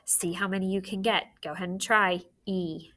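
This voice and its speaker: A woman's voice: mid-range voice, steady tone, normal speed, sharp tone. A woman teaching a phonics lesson, patiently dictating words and sounds and encouraging young students.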